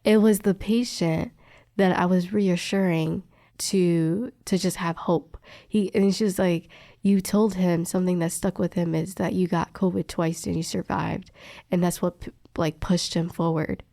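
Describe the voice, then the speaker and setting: A woman's voice: fairly low pitch, steady tone, a little slow, creaky, mellow, no room sound, clean studio sound. A young woman, a respiratory therapist, candidly recounting her work experience in an emphatic, storytelling way. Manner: candid, emphatic, quotes others' words. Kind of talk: personal storytelling interview.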